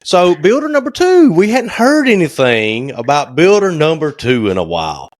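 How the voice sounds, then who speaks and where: This man, a cabinet maker and podcast co-host, spins folksy tales in a casual chat and plays out phone calls as he goes. His voice is on the high side and very animated, at a moderate pace.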